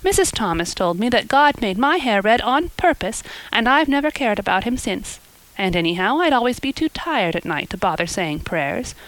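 A woman's voice: fairly high pitch, very animated, normal speed, fairly bright tone, no room sound, pitched above the performer's own voice, poor audio. A woman voicing a chatty, imaginative orphan girl in an audiobook, eager and gushing. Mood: reproachful. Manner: eager, gushing, rising and falling. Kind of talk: audiobook character voice.

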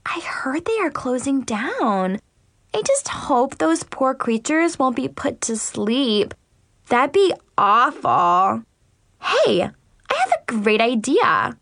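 A shrill, gushing teenage mean girl, as a woman reader puts her on, her voice swooping high and sugary while every word drips with fake sweetness. She bounces through a very wide pitch range in a tight, dry recording with no room sound. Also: huge pitch swings, slow, vocal fry, fairly bright tone, no echo, heavily acted. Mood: fake-sweet. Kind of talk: audiobook reading.

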